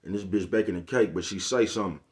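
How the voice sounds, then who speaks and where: Male vlogger, lowish voice, loose slangy monologue, keeps checking in with his audience. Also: fast talker. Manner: laid-back slangy rant, repeats "you get what I'm saying". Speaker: channel host. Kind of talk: casual vlog monologue.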